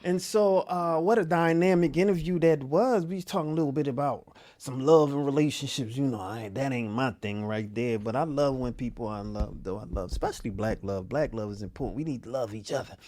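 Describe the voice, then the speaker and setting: A man's voice: mid-range voice, brisk, hardly any pauses, darkish tone. A man hosting a talk show, chatting in a laid-back way with loose slang and rambling questions. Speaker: host. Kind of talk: casual talk show chat.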